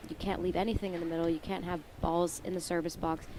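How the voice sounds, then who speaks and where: A woman's voice: fairly low pitch, little pitch movement, quick pace. A woman giving live color commentary on a squash match, often acting out players' thoughts in quotes. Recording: noisy venue audio.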